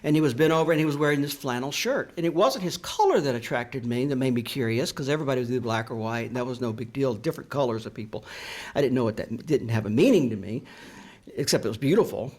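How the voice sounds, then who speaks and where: A man's voice: mid-range voice, animated, quick pace, a little mellow. An older man from the American South, telling a personal story to an audience in a reflective, earnest and confessional way. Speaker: author. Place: library event room.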